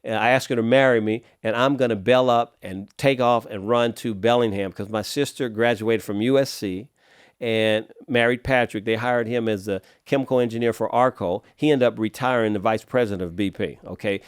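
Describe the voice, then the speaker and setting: A middle-aged man from Los Angeles, a podcast guest telling his life story in a casual, streetwise way, often clearing his throat. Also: mid-range voice, fairly even intonation, moderate pace, no echo, studio quality. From Los Angeles, USA.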